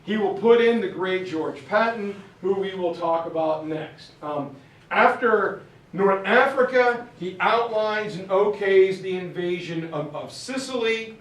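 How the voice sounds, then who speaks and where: A man's voice: high voice, a little slow. Chatty male teacher telling history stories, casual delivery, distant mic. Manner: chatty storytelling with fillers and asides. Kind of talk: casual lecture. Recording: echoey room, mic far off.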